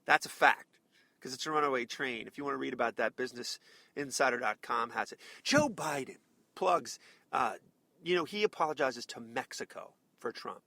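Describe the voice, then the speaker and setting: A man's voice: mid-range voice, normal speed, gravelly, pushed and bright, dry recording. Combative, sarcastic male talk-show host. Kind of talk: opinionated political commentary.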